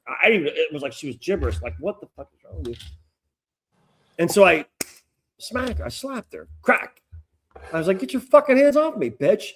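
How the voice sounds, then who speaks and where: A middle-aged man co-hosting a podcast, telling a long, profane story in casual chat. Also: on the high side. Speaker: podcast co-host.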